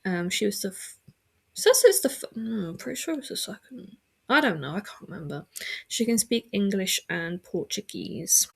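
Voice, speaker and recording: With a sing-song, slightly rough mid-range voice and vocal fry, a woman hosts a casual podcast from home at normal speed. Her talk rambles with many fillers, frequent self-corrections and restarts.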